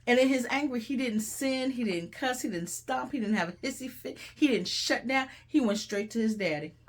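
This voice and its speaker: A middle-aged woman hosting and preaching a sermon-style Bible teaching, animated and conversational with folksy asides and repeated phrases. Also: on the high side, normal speed, a little hiss or hum. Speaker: host and preacher.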